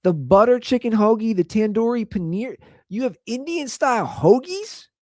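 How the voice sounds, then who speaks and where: A man's voice: very high-pitched, animated, moderate pace, a little mellow, dry recording, studio quality. A man hosting his own talk show, ranting in a casual way and firing off rhetorical questions. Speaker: podcast host.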